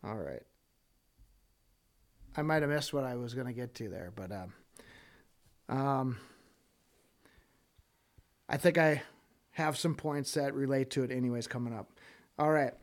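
In a medium-pitched voice, a preacher teaches casually from the Bible at a measured pace with long pauses. He reads scripture and acts out its people in an animated way, repeatedly checking in with "okay?".

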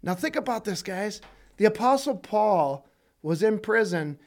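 A high-pitched man leads a casual Bible study sermon, speaking in an animated, conversational way and acting out the quotes.

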